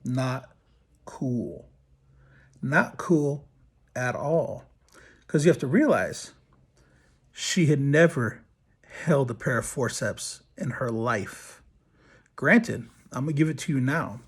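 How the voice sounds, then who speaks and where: A man's voice: medium pitch, measured pace, husky. A middle-aged man, a podcast host telling a crude, swearing story and acting out what people said. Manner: crude, animated storyteller who swears and acts out quotes. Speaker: podcast host, body piercer. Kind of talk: casual storytelling.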